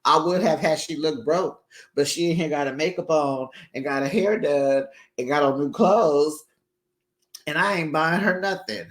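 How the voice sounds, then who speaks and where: A reality TV recap host giving casual, sassy commentary, chatty and quick to laugh. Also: medium pitch. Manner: chatty and sassy, with frequent laughs and acted-out quotes.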